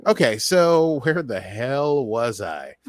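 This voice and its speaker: A man's voice: mid-range voice, sing-song, takes it slowly, dry recording. Chatty man rambling through a recap. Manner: rambling, chatty, full of "uh" and "so he's like". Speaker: podcast host. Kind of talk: casual episode recap.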